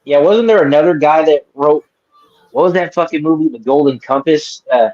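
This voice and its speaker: A man's voice: on the high side, normal speed, darkish tone, highs cut off. A man co-hosting a casual chat, talking bluntly and crudely.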